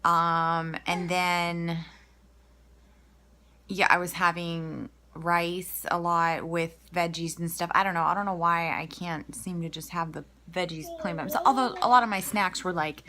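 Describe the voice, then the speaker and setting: A woman's voice: lowish voice, fairly even intonation, a little slow, sharp tone. A woman just out of bed, talking candidly in a rambling video diary with lots of fillers and restarts. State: just woken up. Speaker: vlogger.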